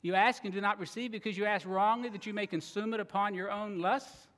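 A man preaching a sermon, earnest and expressive, now and then acting out grumbling voices. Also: high voice, brisk. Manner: earnest, acts out grumbling voices, laughs at times. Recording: long reverb of a large hall.

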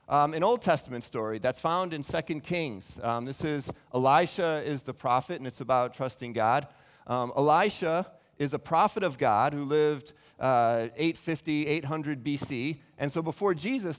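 A man's voice: on the high side, big-room sound. A man giving a Bible teaching sermon, earnest and explanatory, often restarting his sentences. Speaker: preacher.

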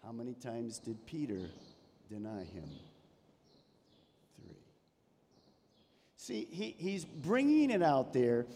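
A man preaching a sermon as a pastor, animated, dropping to soft emphasis on key points. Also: mid-range voice, slow pace, pauses often, a little hiss or hum. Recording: long reverb of a church hall.

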